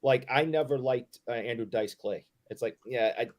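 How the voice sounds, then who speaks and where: A man with an average voice chats casually on a live stream. He talks haltingly and restarts his sentences often. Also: mid-range voice. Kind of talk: casual chat.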